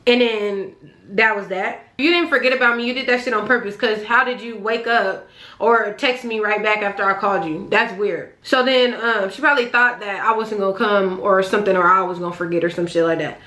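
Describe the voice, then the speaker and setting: Young woman, casual vlog storytime, animated and exasperated, swearing, bright voice, echoey room. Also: medium pitch, fairly quick. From California, Bay Area region. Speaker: vlogger.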